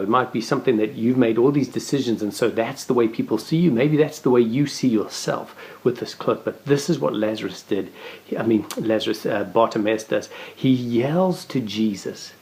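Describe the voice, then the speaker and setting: A man's voice: mid-range voice, a little mellow. A man preaching a conversational devotional message in an earnest way, often restarting and repeating his words.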